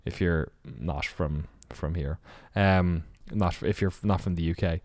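A man talks through a solo podcast off the cuff, rambling and swearing and catching his own slips as he goes. His voice sits a little low. The sound is close and dry, with no room around it. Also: unhurried, a little mellow, dry recording. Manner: rambling, off-the-cuff, swears, corrects himself often. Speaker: podcast host.

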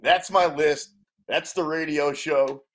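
A man's voice: fairly high pitch, steady tone, takes it slowly, fairly bright tone. A man hosting a sports radio show, talking emphatically and hyping up each pick in casual banter.

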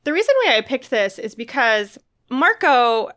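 A woman's voice: fairly high pitch, sing-song, moderate pace, a bit bright. A woman co-hosting a book podcast, talking casually and emotionally with many restarts and fillers. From Filipino heritage. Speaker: podcast co-host recommending books. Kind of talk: casual chat.

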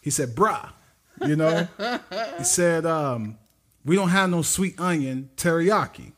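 A man with a somewhat high voice tells a story on a casual podcast. He acts out the people he quotes and laughs through his own telling. His delivery is lively and chatty. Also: a little slow. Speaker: podcast co-host.

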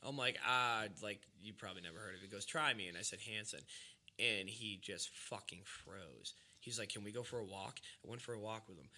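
Bright-voiced man telling a rambling story. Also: lowish voice, fairly quick. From Massachusetts, US. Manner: rambling, profane, fillers like "like" and "dude". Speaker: podcast host. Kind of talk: casual storytelling chat.

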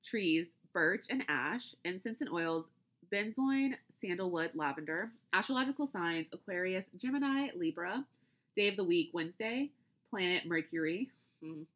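With a lowish, animated voice at normal speed and dull audio, a woman hosts a casual podcast. She goes through long lists one item at a time before giving loose explanations with restarts.

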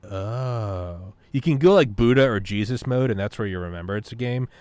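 A man's voice: medium pitch, fast talker, a little mellow, no echo. A man in casual podcast chat, rambling, swearing and philosophizing as he talks. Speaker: podcast talker.

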